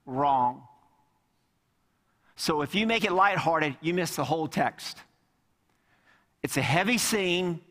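A male pastor with a fairly high voice delivers an emphatic sermon, leaning on repeated words and direct questions to the congregation. His voice rings out with a long reverb in a church sanctuary. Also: animated, slow, long pauses, fairly bright tone. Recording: long reverb of a large hall.

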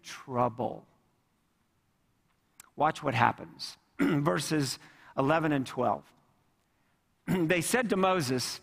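A man delivering a lively sermon, acting out the voices in the passage he reads. His voice sits a little high. The sound rings with the long reverb of a large hall. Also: slow, long pauses. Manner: animated, acts out voices of the people in the reading. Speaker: pastor.

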